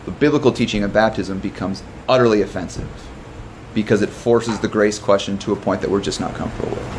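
A man who is a pastor leading a Bible study in a casual, conversational way, talking quickly with restarts and joking asides. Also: lowish voice, background noise.

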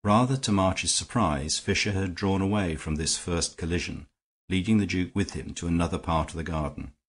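A man narrating an audiobook in a steady storytelling manner. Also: low voice, normal speed, breathy edge. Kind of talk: scripted narration.

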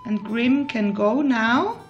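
Slow-talking woman narrating her game. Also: a little high, lively intonation, dull audio. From Switzerland. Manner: chatty, talks to her game characters, emotional outbursts. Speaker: gaming YouTuber. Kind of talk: casual let's play commentary. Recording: faint background music.

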